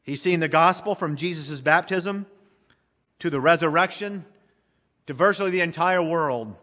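A man preaching a sermon as pastor, emphatic, swelling loud then dropping to a hush. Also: fairly high pitch, normal speed, long reverb tail.

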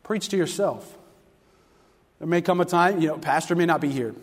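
A man preaching a sermon to a congregation, telling stories with animated, fervent delivery. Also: a little high, normal speed. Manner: animated storytelling, rising to loud fervent passages. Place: church sanctuary. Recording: long hall reverb.

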